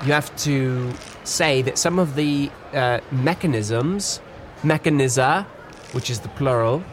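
A man's voice: medium pitch, a little slow, slight background noise, close to an everyday voice. A man playing a boastful, hunted king who shows off his things in an improvised comedy role-play. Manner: showing off, pushy, rambling.

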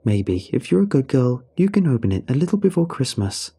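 A man voicing an excited, doting mother in a storybook narration, pitching his voice up high. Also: brisk, creaky, breathy edge, heavily acted. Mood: gushing.

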